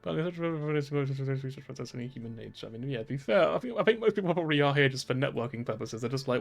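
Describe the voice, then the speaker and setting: A man's voice: medium pitch, animated, fast, vocal fry, few pauses, faint music behind. A male game streamer chatting casually, laughing often and swearing freely. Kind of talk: casual gameplay commentary.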